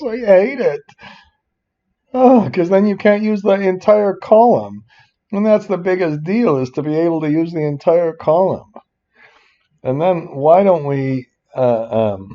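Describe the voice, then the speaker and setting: Older male instructor, slow and mellow, rambling and self-interrupting, dull lo-fi capture. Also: medium pitch. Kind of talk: rambling screen-recorded spreadsheet tutorial.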